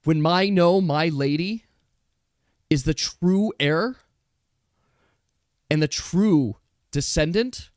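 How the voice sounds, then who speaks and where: A man's voice: on the high side, slow pace, pauses often, no room sound, clean studio sound. A man voicing a defiant male raccoon warrior with a grave, proud manner.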